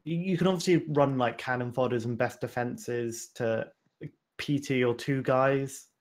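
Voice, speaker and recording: A man's voice: mid-range voice, unhurried. A man co-hosting a podcast, thinking aloud and posing questions in a casual card game chat. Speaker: podcast co-host.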